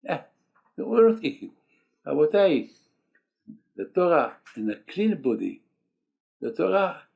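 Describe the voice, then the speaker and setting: Delivering a sermon as a rabbi, an older man uses a mid-range, dark voice with a breathy edge. He is emphatic and repetitive, speaks broken English as a second language, and peppers his words with Hebrew terms.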